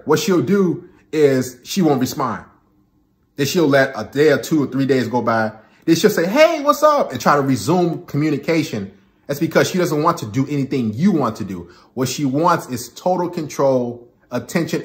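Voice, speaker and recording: Animated man giving dating advice. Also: mid-range voice. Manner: animated, acts out quoted speech in a raised voice. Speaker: relationship advice commentator. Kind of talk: talking-head commentary.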